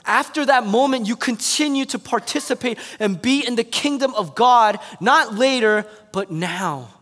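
A man preaching a sermon, telling stories animatedly and moving between hushed and loud passages. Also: very high voice, moderate pace, long reverb tail. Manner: animated storytelling with quoted voices, swinging from hushed to loud.

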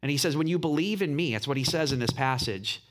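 A man preaching a sermon as a pastor, explaining earnestly and dropping low and slow for emphasis. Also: lively intonation.

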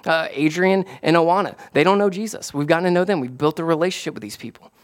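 A man, a pastor, preaching a casual, conversational sermon that rises to excited emphasis. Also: on the high side, fast. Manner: animated, rising to excited emphasis.

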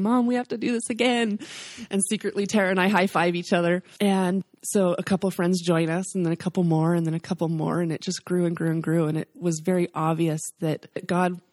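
Earnest woman with a low, mellow voice. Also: no echo, clean studio sound. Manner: earnest, emotional, faith-filled storytelling. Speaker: guest, charity founder. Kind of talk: heartfelt storytelling interview.

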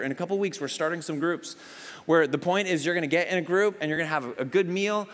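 A man preaching a sermon in a church hall, his voice a bit higher than most men's. He talks in a loose, conversational way and acts out little exchanges as he tells stories. The long reverb of the hall trails after his words. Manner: conversational, animated storytelling with acted-out dialogue. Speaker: pastor.

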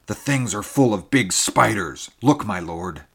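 A man's voice: fairly low pitch, lively intonation, measured pace, creaky, fairly bright tone, breathy edge, exaggerated voice. Man doing an alarmed gaunt rider. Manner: urgent warning cries.

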